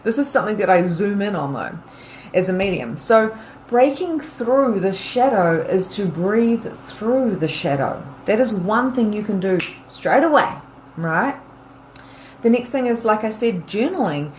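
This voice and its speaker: Animated woman coaching in a roomy space. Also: medium pitch, unhurried. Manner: animated, acts out worried inner voices. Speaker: podcast host and medium. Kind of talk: casual coaching monologue. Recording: roomy with faint background noise.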